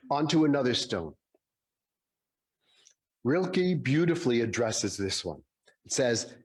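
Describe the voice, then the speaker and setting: A man in his sixties giving a Sunday sermon, telling stories gently and acting out the dialogue in them. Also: mid-range voice, sing-song, slow, pauses often. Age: 60s. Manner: gentle storytelling, acts out dialogue in quotes. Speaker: speaker at a Sunday service.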